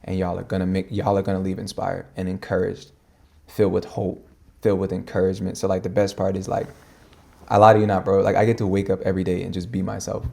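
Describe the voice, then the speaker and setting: Fast-talking low, gravelly man. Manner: fast-talking, slangy, animated. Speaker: podcast guest and minister. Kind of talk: casual conversation.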